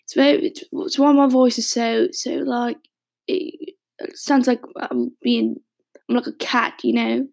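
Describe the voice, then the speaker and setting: A woman voicing an adult British man, a longtime smoker with a raspy voice, who reads his childhood diary in a hesitant, rambling audio drama monologue. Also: on the high side, fairly even intonation, unhurried, a little mellow. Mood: wistful, rambling. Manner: hesitant, rambling, many restarts.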